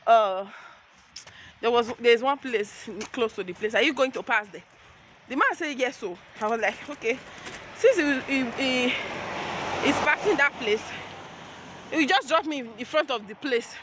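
A woman's voice: fairly high pitch, lively intonation, measured pace, long pauses. A young woman with a Nigerian accent, vlogging to her phone while walking the streets, exclamatory and rambling with many restarts. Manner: exclamatory, rambling, retells annoyances with repeated restarts. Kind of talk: casual vlog chat to camera. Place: outdoors on city streets, walking with a stroller.

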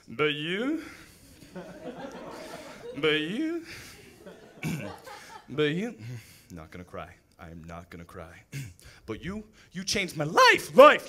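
A man playing a heartbroken young man fighting back tears with loud bravado. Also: high-pitched, full character voice. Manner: choked-up bravado, shouty and pleading. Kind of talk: live comedy sketch.

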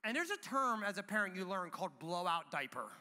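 Animated high-voiced preacher man. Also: a little fast, long reverb tail, slight background noise. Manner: animated storytelling preacher, playful. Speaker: pastor. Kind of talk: sermon. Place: church auditorium.

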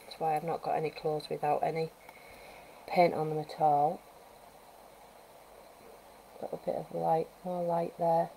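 A woman wildlife artist giving a live painting demonstration, chatting and thinking aloud as she works, with gentle coaching asides. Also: deep voice, flat delivery, measured pace, gravelly, pauses often, slight background noise, low-quality recording. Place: art studio at home, live stream.

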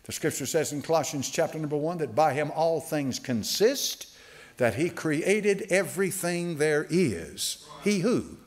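A male pastor preaches with a lively, swinging pitch. He stretches out quoted scripture slowly for emphasis, and his everyday explaining is loose, with fillers and restarts. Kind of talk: sermon.

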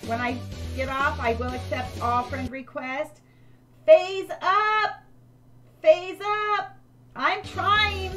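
An older woman live-streaming a game, chatting with viewers and thanking them by name. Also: sits high.

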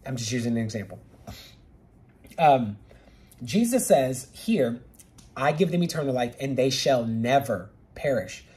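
An earnest man leads a casual online Bible study from home, pushing through passages at speed. He leans hard on repeated words to drive a point home, with a middle-pitched voice. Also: lively intonation, a little mellow. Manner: earnest, repeats words for emphasis, rushes reading. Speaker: Bible teacher.

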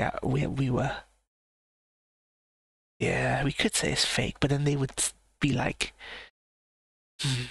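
Brief: male streamer doing blunt live reaction asides, gravelly voice, dry close sound. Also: mid-range voice, a bit bright, dry recording. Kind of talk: casual reaction commentary.

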